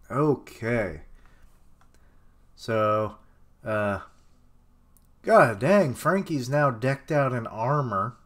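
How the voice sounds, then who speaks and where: A man's voice: mid-range voice, animated, very slow, pauses often. A man casually reacting to a comic chapter he reads live, rambling and chuckling as he thinks aloud.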